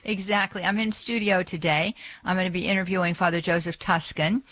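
A woman hosting a radio talk show who chats with high energy, with plenty of fillers and restarts, speaking from a studio microphone. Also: fairly even intonation, a little fast, a bit bright, no echo. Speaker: radio host.

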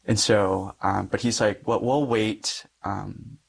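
Husky-voiced young priest telling his story. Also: on the low side, steady tone, slow pace. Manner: storytelling, acting out quoted dialogue, frequent light laughs. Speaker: Catholic priest. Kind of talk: personal testimony in conversation.

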